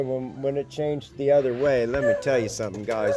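A man's voice: medium pitch, normal speed, few pauses, loud music behind the voice. A man casually chatting through a morning at an animal sanctuary, rambling and folksy with chuckling asides. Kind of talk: casual morning vlog chat.

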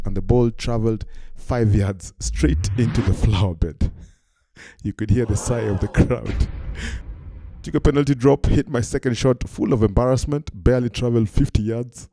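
Dark-voiced Kenyan man telling a story. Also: mid-range voice, moderate pace, slight background noise. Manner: lively, acts out quoted voices. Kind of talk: animated personal anecdote.

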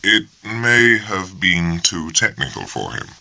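A man voicing a calm, grave young naval officer who answers evenly and stubbornly. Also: low voice, slow, gravelly, pitched above the performer's own voice, full character voice, poor audio. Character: even-tempered young male naval officer.

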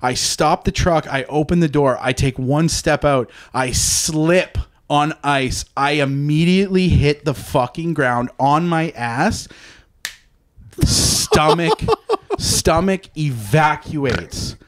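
A man's voice: a little high, takes it slowly. A man, telling a story in casual chat on a podcast, swearing freely and acting out the voices of the people in it. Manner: animated, swears freely, acts out quoted voices. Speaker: podcast guest.

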